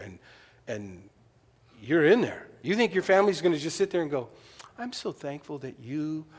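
Man, pastor, sermon, storytelling, quoted asides, mid-pitched voice, long hall reverb. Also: husky.

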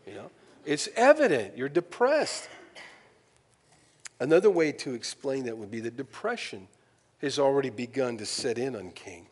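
A man preaching a sermon with a lively, swooping delivery, acting out little conversations and poking fun at himself. His voice rings out with a long echo, as if it fills a large church sanctuary. He talks in a plain, homespun way. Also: normal speed, breathy edge. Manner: animated, acts out quoted dialogue with jumps in pitch; folksy, self-deprecating humor. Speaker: pastor.

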